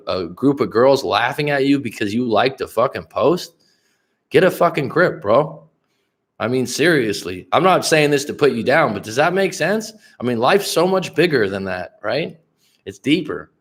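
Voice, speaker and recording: A man coaching viewers on a livestream in a blunt, profane, animated way, answering their comments. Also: mid-range voice. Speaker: relationship coach.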